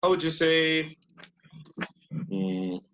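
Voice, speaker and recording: A man's voice: on the high side, sing-song, extremely slow, fairly bright tone, muffled recording. A man teaching an English class who praises students often, repeats their answers and switches between English and Spanish.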